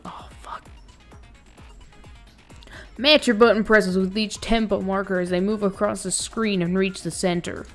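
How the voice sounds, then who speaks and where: A woman's voice: medium pitch, steady tone, measured pace, long pauses, faint music behind. A woman streaming a game live, laughing, swearing and reading the tutorial text aloud. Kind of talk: live let's play commentary.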